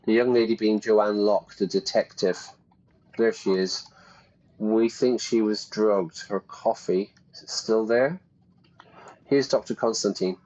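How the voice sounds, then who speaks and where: A man's voice: fairly low pitch, steady tone, unhurried, a little mellow, dull audio. Chatty man commenting on a game. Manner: chatty, playful, thinks aloud. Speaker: teacher playing a game for learners.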